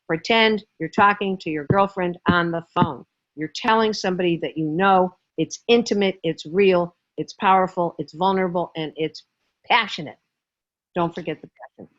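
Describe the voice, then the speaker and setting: A woman speaks in a low, dry voice as an interview guest teaching writing. She is emphatic and slips into little acted-out stories. The recording sounds a bit dull and lo-fi. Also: moderate pace, dry recording. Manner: emphatic, acts out stories in character. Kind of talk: animated interview talk.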